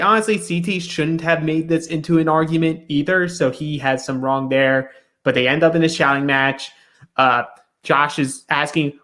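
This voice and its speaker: A man's voice: a little high, a bit bright. Guy co-hosting a reality tv recap, chatty, acts out bits of the scenes. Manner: retells scenes, briefly acting out the cast's lines. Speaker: co-host of a reality show recap. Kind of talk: casual recap chat.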